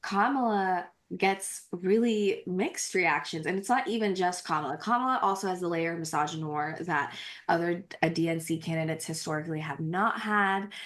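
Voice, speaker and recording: A woman's voice: on the low side, moderate pace, fairly bright tone. A woman from Houston, Texas, hosting a podcast and talking candidly in casual conversation, laughing and swearing now and then. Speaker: podcast host.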